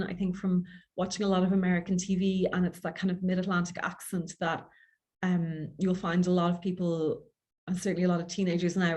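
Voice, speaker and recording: A woman's voice: on the low side, darkish tone. Chatty Irish woman coaching public speaking. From Ireland. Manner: quick, chatty, self-deprecating. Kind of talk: workshop talk.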